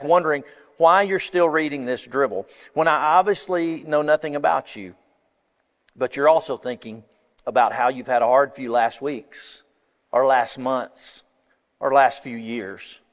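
A man giving a church lesson, reading a column aloud in a conversational way with wry asides. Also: mid-range voice. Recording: long hall reverb.

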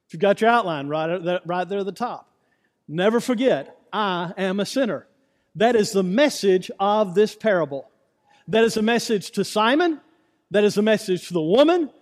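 A man's voice: high voice, expressive, normal speed. A man preaching a sermon as pastor, emphatic and repetitive, asking the congregation rhetorical questions. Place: church sanctuary. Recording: church hall with long reverb.

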